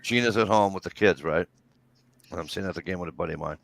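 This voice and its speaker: A man's voice: low-pitched, fast talker, creaky, a bit bright. A man, telling rambling, swear-filled stories in casual chat. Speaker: storyteller.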